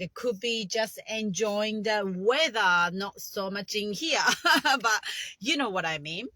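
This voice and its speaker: A woman's voice: a little high, sharp tone, no room sound. A woman meditation coach speaking in a chatty, instructional way, with phrasing, guiding the listener through breaths. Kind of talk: casual instructional talk.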